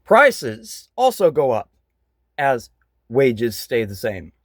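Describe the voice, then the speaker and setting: Slow-talking, angry man ranting. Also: medium pitch, wildly swooping pitch, no echo. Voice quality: blunt, frequent swearing, bitter. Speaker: vlogger. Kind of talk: angry political rant.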